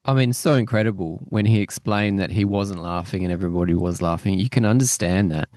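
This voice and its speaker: Low-voiced man gushing about a show. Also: a little fast, a little mellow, no echo, clean studio sound. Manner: effusive, gushing with enthusiasm. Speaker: podcast co-host. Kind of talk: casual chat reviewing a TV episode.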